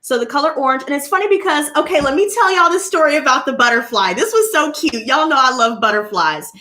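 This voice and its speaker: A woman tarot reader chatting casually to her viewers, telling an animated story and addressing them directly. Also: high voice, quick pace.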